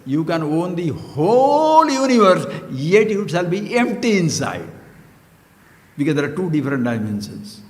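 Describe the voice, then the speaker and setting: Guy giving a spiritual talk, high voice that jumps all over, hall echo. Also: big pitch swings, measured pace. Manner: emphatic and questioning, uses Sanskrit terms. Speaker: spiritual teacher. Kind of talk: spiritual discourse. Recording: echoey hall.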